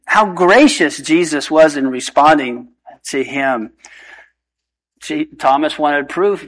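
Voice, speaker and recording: A man preaching a sermon in an earnest, emphatic way, slowing down and speeding up to stress his points. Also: on the high side, a bit bright, rough recording. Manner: earnest, emphatic, shifting pace.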